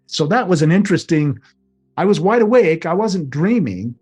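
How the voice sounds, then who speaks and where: A man's voice: sits high, sing-song, moderate pace, darkish tone, breathy edge, soft background music. A middle-aged man, an interview guest, earnestly recounting a personal experience and acting out remembered conversations. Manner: earnest, acts out remembered dialogue. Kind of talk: personal storytelling.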